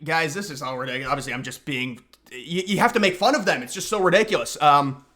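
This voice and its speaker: Bright sarcastic man ranting. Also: on the high side, a little fast. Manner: sarcastic, mocking, exaggerated outbursts. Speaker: political commentary vlogger. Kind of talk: casual ranting commentary.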